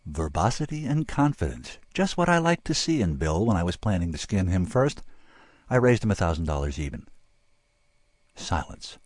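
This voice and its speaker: A fairly low-voiced man narrating a story with a husky timbre and a lively, rising and falling pitch. Wry and dry in delivery, recorded close with no room sound. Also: moderate pace, no room sound. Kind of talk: audiobook narration.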